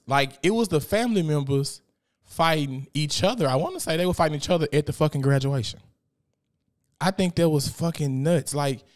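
Blunt, profane man. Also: a little high. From Memphis, USA. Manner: blunt, profane, animated storytelling. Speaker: podcast host. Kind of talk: casual podcast monologue.

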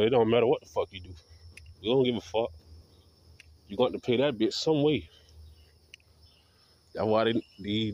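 A man's voice: fairly low pitch, darkish tone, muffled recording. Profane, defiant man ranting to camera. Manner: combative, defiant, heavy swearing. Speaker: vlogger.

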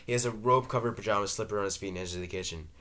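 Brief: a man with a low voice reading stage directions, steady and plain. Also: very fast. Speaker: reader. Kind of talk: dramatic play reading.

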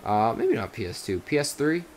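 A man's voice: mid-range voice, sing-song, moderate pace, slight background noise. A man from South Jersey giving casual, rambling gameplay commentary as a YouTuber, swearing often and saying "you know" constantly. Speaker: gaming YouTuber.

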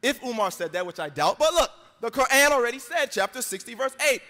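Emphatic high-voiced man debating in a hall. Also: lively intonation, brisk, sharp tone. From United States. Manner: emphatic, argumentative, quotes scripture. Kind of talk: live debate speech. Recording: long hall reverb.

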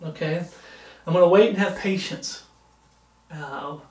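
A ministry preacher with a high voice gives an informal devotional talk, earnestly repeating himself and halting to restart sentences. He's sitting back from the mic, so he sounds distant in an echoey room.

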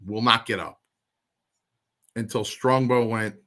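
A man telling stories from his wrestling career in an interview, animated and blunt, with salty language. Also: mid-range voice, normal speed. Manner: animated, acts out the people in his story. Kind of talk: casual anecdotal storytelling.

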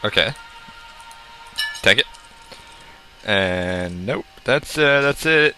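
A man's voice: lowish voice, lively intonation, slow pace, long pauses, bright, forceful tone, clear, resonant tone, faint music behind. A young man casually commenting on a game he is playing, talking to himself, swearing and yelping when startled. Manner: jumpy, swears, talks to himself, hums and yelps. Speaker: gameplay commentator. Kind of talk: casual let's-play commentary.

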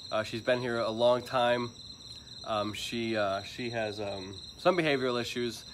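A man's voice: medium pitch, unhurried, fairly bright tone. Chatty man livestreaming outdoors. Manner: chatty, talks to viewers and sweet-talks a dog. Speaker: animal rescue livestreamer. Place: outdoors at an animal shelter, by a grill. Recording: noisy outdoor phone livestream. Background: crickets and insects.

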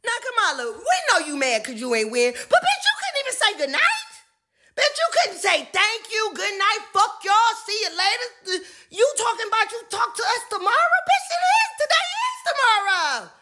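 A woman's voice: very high-pitched, huge pitch swings, normal speed, sharp tone. A woman delivering a sassy, profane comedic rant.

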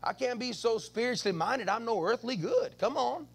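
A man's voice: extremely high pitch, lively intonation, normal speed, creaky, slightly rough. A male pastor preaching a sermon in church, calling out to the congregation and repeating words as he goes. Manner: call-and-response preaching, stammering repeats.

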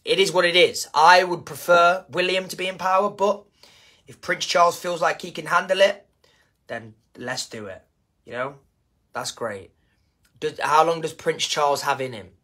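A man's voice: on the high side, moderate pace, bright, forceful tone. A man from England with an English accent, talking casually and emotionally on a live stream, rambling and repeating himself.

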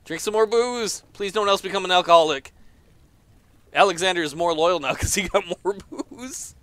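A man's voice: high voice, moderate pace, fairly bright tone, dry recording. A man casually commenting on a game as he plays, exclaiming often, laughing and reading the game's text aloud. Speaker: let's player.

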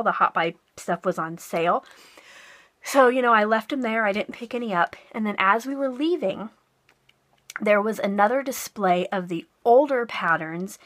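Showing off her craft purchases, a woman who seems middle-aged narrates a casual haul and flip-through for viewers. The voice is mid-range and fairly bright, with no echo.

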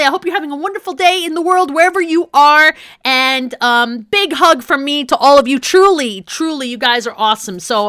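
High, bright woman narrating her gameplay. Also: no echo, studio quality. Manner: chatty, self-talking, frequent hopeful asides; bursts into shrieks and laughter when startled. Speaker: gaming channel host. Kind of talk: Let's Play commentary.

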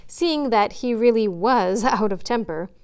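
A woman, a children's librarian, reading a chapter book aloud in a friendly, measured way. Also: a little high, animated, darkish tone, clean tone.

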